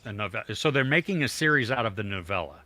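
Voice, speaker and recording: A man's voice: on the low side, lively intonation, quick pace, sharp tone. A middle-aged man co-hosting a podcast, talking casually and rambling with fillers and restarts. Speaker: podcast co-host. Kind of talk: casual chat.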